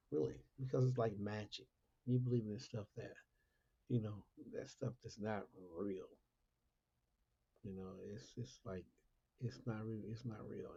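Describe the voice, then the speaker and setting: A Christian talk show host delivers a casual monologue in a lowish, warm, husky voice, captured on a dull, lo-fi recording. He repeats rhetorical questions and laughs often.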